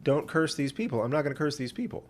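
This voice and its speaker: A man's voice: fairly high pitch, lively intonation, fast talker, soft background music, pitched above the performer's own voice. A man doing a slick, hedging soothsayer. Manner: chatty, hedging, modern slang. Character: greedy, bargaining male soothsayer, slick and casual.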